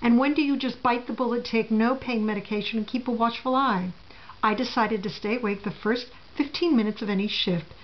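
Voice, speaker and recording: A woman's voice: a little high, fairly quick, a little hiss or hum. A middle-aged woman telling a first-person story in a wry, sarcastic manner, heard on a dull lo-fi recording.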